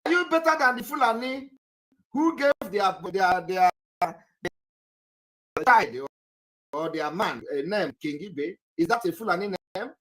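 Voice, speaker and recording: Emphatic political commentator, scolding tone, bright and highly animated. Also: unhurried, pauses often, low-quality recording. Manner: emphatic, scolding, asks repeated rhetorical questions. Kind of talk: livestream commentary, lecturing viewers.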